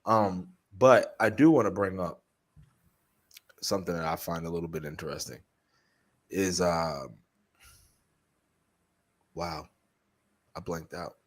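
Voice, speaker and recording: A man co-hosting a podcast, talking in a relaxed, drifting way and swearing a lot. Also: sits low, slow, long pauses. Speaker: podcast co-host. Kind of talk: casual chat.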